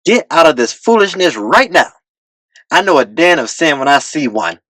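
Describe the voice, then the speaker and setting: A man's voice: on the high side, sing-song, normal speed, fairly bright tone, no echo, clean studio sound, voice pushed up. A man voicing a stern older church usher aunt who scolds her grown nephew. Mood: scolding.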